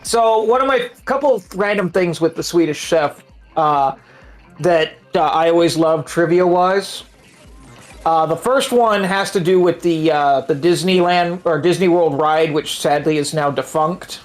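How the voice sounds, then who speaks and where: A man's voice: fairly high pitch, a little slow, soft background music. A man co-hosting a game stream in casual chat, telling trivia and swearing freely. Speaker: stream co-host.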